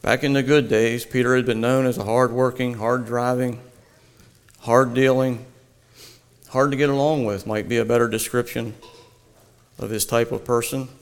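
A man reading a devotional story aloud in a slow, earnest storytelling manner. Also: medium pitch, steady tone, smooth. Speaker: narrator. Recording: long hall reverb.

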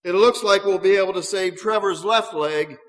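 Man doing a measured, matter-of-fact doctor, higher voice, long reverb. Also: fairly bright tone. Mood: grave. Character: calm male hospital doctor giving grave news.

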